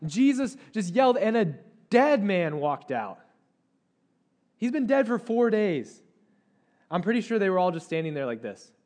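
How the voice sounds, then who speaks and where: A man preaching a sermon, telling a story in an animated way with playful asides. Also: high voice, moderate pace. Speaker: pastor.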